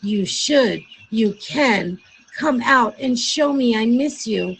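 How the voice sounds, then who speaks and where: A woman doing a gentle coaxing mother duck. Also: fairly high pitch, animated, slow, vocal fry, husky, heavily acted, rough recording. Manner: coaxing, pleading.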